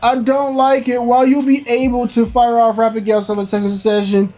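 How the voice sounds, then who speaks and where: A young man hosting a gaming channel, hyped and animated, swinging between mock anger and delight as he reacts to game news. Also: extremely high pitch, fast talker, faint music behind. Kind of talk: excited game news commentary.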